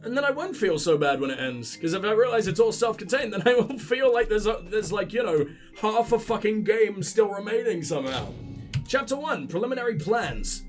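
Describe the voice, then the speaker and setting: A man's voice: sits high, expressive, a little fast, soft background music. A sick man with a headset, mocking the game in sweary let's play commentary and laughing at his own jokes. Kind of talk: casual gameplay commentary.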